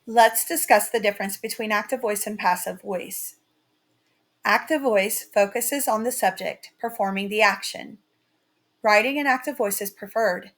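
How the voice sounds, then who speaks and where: A woman teaching a writing lesson in a slow, carefully read-out, scripted delivery. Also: mid-range voice, a bit bright.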